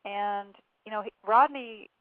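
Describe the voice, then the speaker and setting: A woman's voice: medium pitch, unhurried, no room sound. A woman author recounting events in a phone interview, with fillers and quoted dialogue. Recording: tinny phone line.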